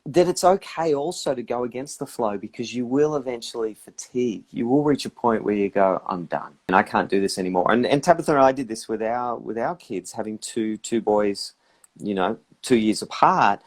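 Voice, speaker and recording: A man's voice: mid-range voice, moderate pace. A man giving reflective advice in a casual live chat, often acting out inner voices. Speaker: guest practitioner.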